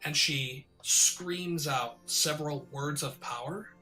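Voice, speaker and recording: A man's voice: a little high, slow, sharp tone. A man acting as game master, narrating a tabletop role-playing game in a descriptive storytelling manner. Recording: faint background music.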